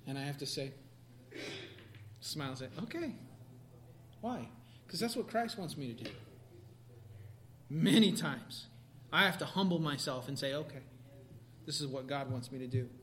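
A man preaching a sermon, animated, swinging from quiet asides to sudden loud outbursts. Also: medium pitch, moderate pace, pauses often, slight background noise. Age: adult parent.

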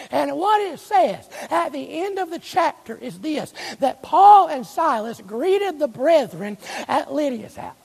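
High, gravelly-voiced male preacher. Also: animated. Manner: emphatic preaching with rhetorical questions to the congregation; slows and stretches key phrases. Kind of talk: sermon. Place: church sanctuary. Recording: long reverb of a church hall.

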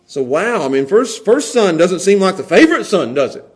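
A man preaching a sermon, animated, laughing often and repeating words as he goes. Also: high voice, normal speed. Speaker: pastor.

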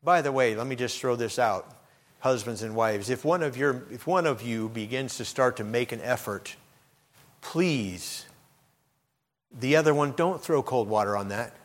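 A middle-aged male pastor preaching a sermon, swinging from low, earnest talk up to loud, impassioned outbursts. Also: normal speed. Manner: preacherly, rises to loud impassioned shouts when quoting.

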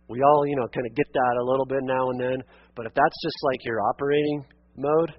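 A man preaching a sermon as pastor, earnest and exhorting, calling listeners friend and beloved, rising to emphatic peaks and dropping to quiet asides. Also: mid-range voice, steady tone, brisk, no echo, dull audio. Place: church sanctuary.

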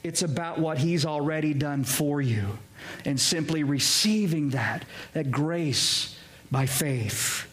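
A male pastor preaching with a high voice. He talks slowly and earnestly, throws rhetorical questions at his congregation and leans on phrases for emphasis. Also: a bit bright. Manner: earnest, addresses listeners as guys, asks rhetorical questions. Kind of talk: sermon.

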